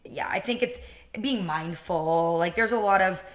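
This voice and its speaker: A woman's voice: lowish voice, unhurried. A young woman co-hosting a casual podcast as a law student, chatty and upbeat, with a lot of "like" in her speech. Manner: chatty, upbeat, heavy use of "like".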